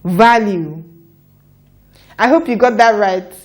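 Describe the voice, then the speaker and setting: A woman teaching a children's phonics lesson, sounding out letters and words slowly for young learners to repeat. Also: medium pitch, lively intonation, darkish tone. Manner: slow, deliberate, repeats sounds for children to echo.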